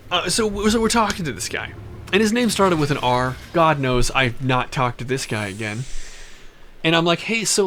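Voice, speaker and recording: A man telling a wild personal story in a casual, animated, profane way, with many restarts. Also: fairly high pitch, slight background noise.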